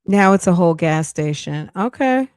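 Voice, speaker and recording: Chatty low-voiced woman streamer. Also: fairly even intonation, unhurried, background noise. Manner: chatty, thanks viewers, thinks aloud. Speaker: podcast host. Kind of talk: casual livestream reaction chat.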